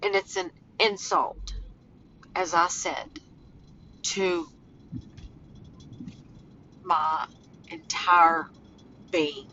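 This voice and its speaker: Woman vlogger, slow halting delivery, bright tone, dull phone audio outdoors. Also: fairly low pitch, slight background noise. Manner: slow, halting, emotional rants. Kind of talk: casual vlog talk. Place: walking outdoors near home.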